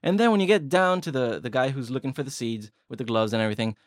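A man's voice: mid-range voice, fast, dry recording, studio quality. Chatty male language-lesson host. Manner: chatty, self-correcting, joking. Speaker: podcast host.

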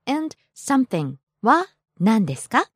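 A woman teaches on a language podcast, answering briefly and modelling example phrases with a lot of melody in her voice. She sits a little high and sounds slightly breathy, and the mic is close and dry. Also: big pitch swings, measured pace, dry recording. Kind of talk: casual podcast lesson.

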